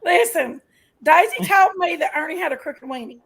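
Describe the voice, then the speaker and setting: A woman's voice: very high voice, normal speed, creaky, a bit bright. A woman, the host's sister, mischievously trolling with gossip in a casual live chat.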